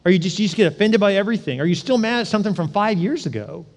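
A man preaching a conversational sermon, asking the congregation one rhetorical question after another and acting out little scenes with sudden loud cries. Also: sits high, animated, rapid-fire, long reverb tail. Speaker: pastor.

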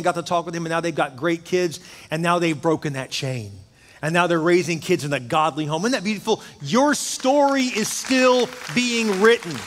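With a fairly bright voice on the high side, a pastor in his fifties delivers an emphatic, story-filled sermon in a church sanctuary. His intensity climbs and drops, and a long hall reverb carries the sound.

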